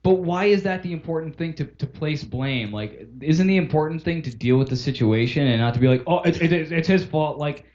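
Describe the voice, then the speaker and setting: A man's voice: fairly high pitch, lively intonation, brisk, hardly any pauses, darkish tone. Earnest podcast man, dull lo-fi sound. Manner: earnest, argues his point with questions. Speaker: podcast co-host. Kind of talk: casual podcast chat.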